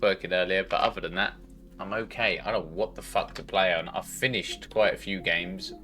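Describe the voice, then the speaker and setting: A man's voice: deep voice, fairly even intonation, a little fast, bright, forceful tone. A man livestreaming a game, chatting casually in a rambling, sweary way at a home desk mic. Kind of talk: casual chat while gaming.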